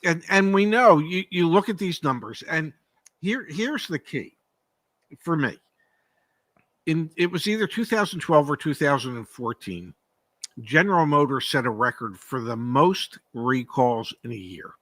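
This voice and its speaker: A man's voice: a little high, expressive, measured pace, a bit bright, no echo. A man co-hosting a casual car-market talk, emphatic, asking rhetorical questions and repeating words. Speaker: co-host, former car dealership operator. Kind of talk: casual podcast chat.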